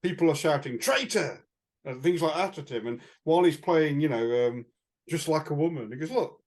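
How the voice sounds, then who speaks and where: A man's voice: on the high side, brisk, darkish tone. Chatty man telling stories. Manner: chatty anecdotal storytelling with frequent fillers and chuckles. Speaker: podcast co-host. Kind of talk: casual chat.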